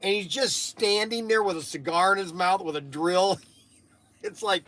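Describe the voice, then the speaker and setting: A man hosts a casual livestream and rambles from one story to the next. He laughs at his own anecdotes and often trails off before starting a sentence over. His voice sits a little higher than most men's. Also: normal speed, a bit bright. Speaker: livestream host.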